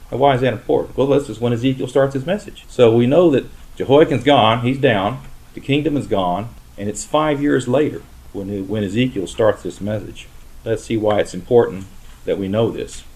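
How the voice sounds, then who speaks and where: A man's voice: lowish voice, darkish tone. Man teaching a Bible study. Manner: reads scripture aloud with slow emphatic stresses; asks the listeners questions and answers them.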